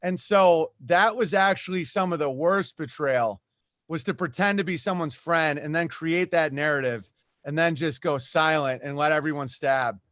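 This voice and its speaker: A comedian holding forth as a podcast guest, his voice sitting high for a man. He rambles from point to point, piling up asides as he rants. The sound is close and dry, with no room around him. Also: moderate pace, fairly bright tone, no echo. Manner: rambling, ranting storyteller with frequent asides. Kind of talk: animated podcast conversation.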